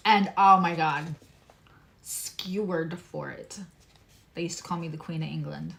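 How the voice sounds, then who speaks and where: A woman speaks a little slowly, her voice on the low side with vocal fry and a bright, forceful tone, during a casual astrology and tarot reading. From Long Island, New York, she has dropped that accent for neutral American and stays emphatic, repeating key phrases amid chatty asides.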